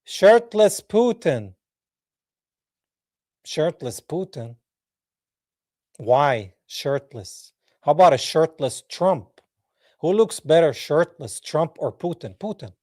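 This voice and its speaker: Slow, sarcastic male podcast host. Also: on the high side, lively intonation, darkish tone, no echo, clean studio sound. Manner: mocking, sarcastic, laughs at clips. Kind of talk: live reaction commentary.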